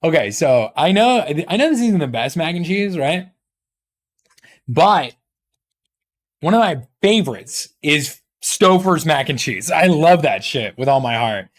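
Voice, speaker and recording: Animated high-voiced male streamer. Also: unhurried. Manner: rambling, joking, swearing, reading chat aloud. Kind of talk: casual live-stream chat.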